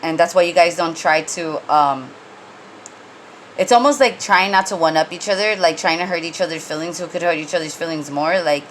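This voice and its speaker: Her voice sits low and her pace is moderate as the tarot reader rambles conversationally through a reading, restarting often, using lots of fillers, and speaking bluntly when worked up. The recording is rough, with slight background noise.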